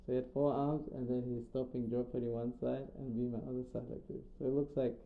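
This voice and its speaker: Male lecturer retelling an epic in a lively, conversational manner; mid-range voice, thin phone-line audio. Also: mid-range voice, fast, vocal fry. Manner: animated storytelling, acting out characters. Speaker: scripture class speaker. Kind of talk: storytelling scripture lecture. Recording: tinny phone-like sound.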